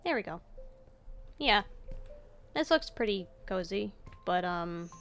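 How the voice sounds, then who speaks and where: Chatty woman gamer with vocal fry. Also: medium pitch, animated, takes it slowly, fairly bright tone, faint music behind. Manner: chatty, talks to herself, swears offhandedly. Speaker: let's-play gamer. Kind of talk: casual gameplay commentary.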